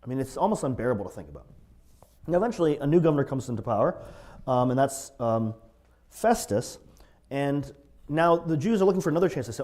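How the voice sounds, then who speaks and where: A man's voice: mid-range voice, animated, fast talker, pauses often, darkish tone. A male pastor, preaching a sermon in a conversational, storytelling way with asides.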